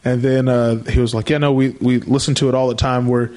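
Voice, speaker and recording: A man's voice: mid-range voice, flat delivery, a little fast, a little mellow. A young man co-hosting a podcast, telling a rambling story in casual chat and acting out what others said. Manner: rambling anecdotes with quoted voices. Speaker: podcast co-host.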